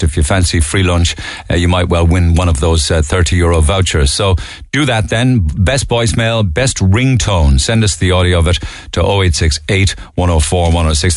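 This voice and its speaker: Middle aged cork irish radio host, chatty, deep voice, close dry mic. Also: male voice, no echo. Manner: chatty, relaxed, laughs easily. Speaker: radio talk show host. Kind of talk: radio phone-in hosting. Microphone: studio mic.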